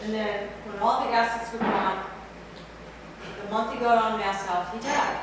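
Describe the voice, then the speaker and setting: A woman's voice: mid-range voice, moderate pace. A woman speaking to a group, giving personal advice with confessional asides. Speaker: workshop speaker. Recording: echoey hall, far from mic, noisy.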